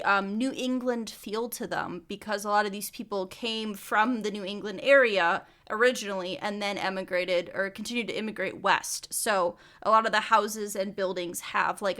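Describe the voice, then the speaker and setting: A woman's voice: mid-range voice, fairly bright tone. A young woman co-hosting a casual research podcast, chatty with laughing asides and many fillers. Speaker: podcast co-host.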